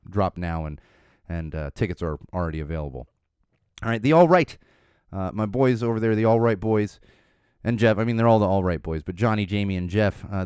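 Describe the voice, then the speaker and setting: In a podcast studio, a host from Southern California casually rambles through a long tale, chuckling and using lots of fillers. His fairly low voice is clear, resonant, and a little mellow, recorded on a studio mic with clean sound and no echo.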